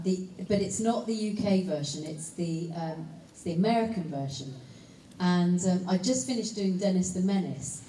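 An actress answering panel questions in a chatty, rambling way, full of fillers and asides. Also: female voice, fairly low pitch, mellow, slight background noise. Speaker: actress and voice actor. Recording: roomy hall, distant mic, faint ambience.

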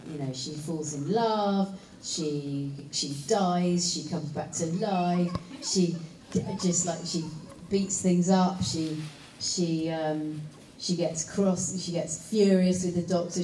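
An actress answering panel questions in a chatty, rambling way, full of fillers and asides. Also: female voice, fairly low pitch, dark tone, a little hiss or hum. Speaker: actress and voice actor. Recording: roomy hall, distant mic, faint ambience.

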